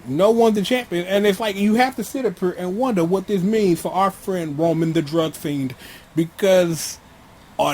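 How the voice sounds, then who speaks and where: A man with a high, husky voice rants casually and bluntly, full of slang and swagger. He talks in an animated, opinionated way, like a vlogger riffing to his viewers. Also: normal speed. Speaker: wrestling commentator vlogger.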